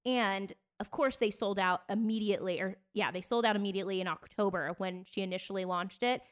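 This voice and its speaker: A woman's voice: medium pitch, a little fast. Chatty gossiping woman podcaster. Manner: chatty, gossipy storytelling with bursts of laughter. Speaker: podcast co-host. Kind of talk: casual chat.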